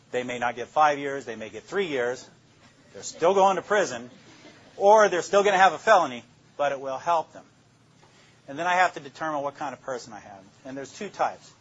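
A man's voice: medium pitch, expressive, a little fast, breathy edge, muffled recording. An older man, a police detective, telling plainspoken stories about interrogations to a class and acting out his own lines. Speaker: police detective speaking to law students. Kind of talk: storytelling lecture.

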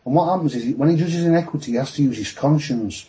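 A man's voice: on the high side, fast talker, low-quality recording. A man telling a long story on a podcast, acting out the voices of others as he goes. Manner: animated, mimics voices in retelling. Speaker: guest telling his story.

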